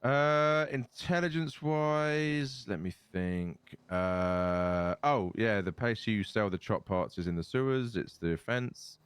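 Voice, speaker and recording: A man's voice: lowish voice, steady tone, takes it slowly, hardly any pauses, smooth, dry recording. A tired man rambling and swearing in casual in-character chat while roleplaying in an online crime game.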